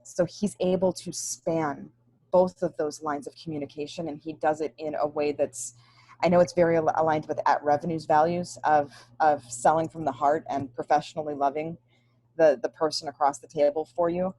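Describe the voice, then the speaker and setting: Earnest webinar host, woman with a deep dry voice, emphatic delivery on a video call. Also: steady tone, moderate pace, mellow, no room sound, low-quality recording. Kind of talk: webinar introduction.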